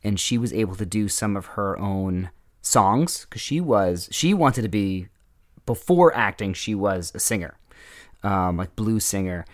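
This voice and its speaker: A man's voice: fairly low pitch, animated, unhurried, no room sound, clean studio sound. A man co-hosting a podcast, talking conversationally about an old film and adding facts to the chat. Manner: conversational, agreeable, adds facts. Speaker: podcast co-host. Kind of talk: casual film discussion.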